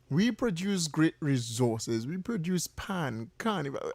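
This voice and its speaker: A man with a Trinidadian accent hosting talk radio, passionate and quick to laugh. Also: fairly high pitch, creaky, a little mellow, no room sound. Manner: laughs often, passionate, addresses co-host as "boy" and "heavy". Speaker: radio talk show host. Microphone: studio mic.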